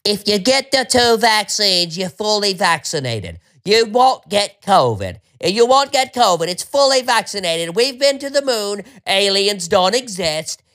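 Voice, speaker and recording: A man's voice: high-pitched, very animated, a little slow, few pauses, a bit bright, voice pushed up, exaggerated voice. A man putting on a mocking impression of a male health official, smug and repeating himself. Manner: smug, repetitive lecturing.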